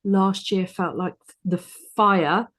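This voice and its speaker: A woman's voice: mid-range voice, fairly even intonation, slow. Chatty British-raised woman podcast host. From United Kingdom. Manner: chatty, warm-hearted, many restarts. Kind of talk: casual podcast interview.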